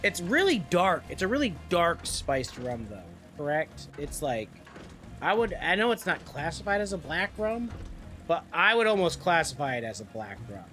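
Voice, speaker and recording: A man's voice: fairly high pitch, very animated, moderate pace, pushed and bright, faint music behind. A young man streaming a game live, rambling and joking in casual chat and swearing freely. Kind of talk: casual gaming livestream chat.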